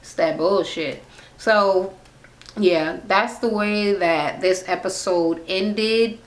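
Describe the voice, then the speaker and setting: A young adult woman vlogging a casual rant recap of a reality show, profane and animated, imitating the people she retells from a home room on a camera mic. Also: medium pitch, slow pace.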